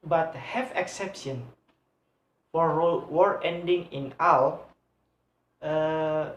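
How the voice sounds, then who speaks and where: Slow, hesitant student presenter in an echoey room. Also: mid-range voice. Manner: hesitant, many filler sounds, repeats each example word. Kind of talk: recorded class presentation on word stress.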